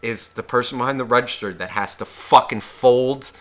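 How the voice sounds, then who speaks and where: A man's voice: mid-range voice, moderate pace, a bit bright. A man on a podcast, telling a profane shopping story and acting out both sides of the conversation. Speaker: podcast co-host. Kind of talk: casual storytelling rant.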